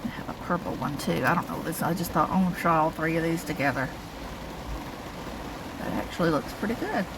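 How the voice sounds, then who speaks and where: A woman's voice: low voice, brisk. A woman vlogger, talking casually and rambling to camera from a parked car. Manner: chatty, rambling, with fillers and small laughs. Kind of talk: casual vlog talk to camera. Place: parked car on a rainy day. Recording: noisy car interior with rain. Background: rain and car sounds.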